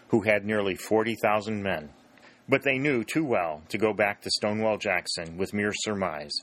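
A man narrating a historical adventure audiobook in an even, unhurried reading style. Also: sits low.

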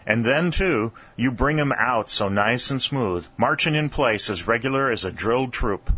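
A man's voice: mid-range voice, animated, moderate pace, sharp tone, breathy edge, dull audio. A man voicing a cheerful veteran Union soldier who talks in homespun rural grammar and reassures his comrades. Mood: admiring, folksy.

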